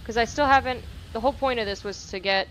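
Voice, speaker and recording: A young woman giving casual, profane gameplay commentary with sudden excited outbursts. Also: on the high side, fast, slight background noise. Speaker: gaming channel host.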